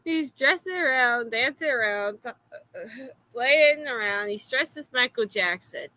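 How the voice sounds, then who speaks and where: A woman with a Florida accent telling a story in a casual, exasperated way, filling pauses with "uh". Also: a little high, rough recording. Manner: animated, exasperated, many "uh" fillers.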